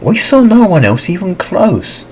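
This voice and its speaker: A male narrator voicing a matter-of-fact female harpy who states things flatly. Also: high voice, unhurried, slight background noise, pitched above the performer's own voice, full character voice. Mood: declaring.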